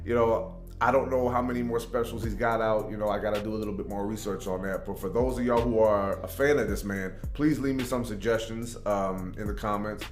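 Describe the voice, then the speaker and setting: A man's voice: lowish voice, fairly even intonation, brisk, reverberant, soft background music. A man hosting a reaction video, chatting casually and rambling, with "man" and "you know" in every other sentence. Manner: laid-back, rambling, says "man" and "you know" often.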